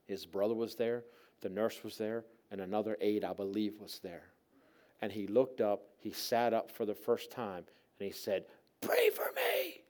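A man preaching a sermon as a guest speaker, telling a personal story with strong emotion, dropping to a hush and then rising loud, often calling out to the congregation. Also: on the low side, fairly even intonation, moderate pace. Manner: emotional storyteller, swings from hushed to loud, addresses folks directly. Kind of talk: sermon testimony.

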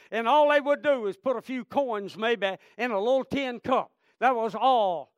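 High-voiced fervent male preacher. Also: normal speed, few pauses, dry recording, studio quality. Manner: fervent, repetitive, calls out "Amen?" and "friend". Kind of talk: sermon.

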